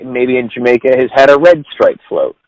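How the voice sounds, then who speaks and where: Relaxed man in dry, close sound. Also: mid-range voice, brisk, dry recording, rough recording. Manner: relaxed, teasing banter. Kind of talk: casual chat.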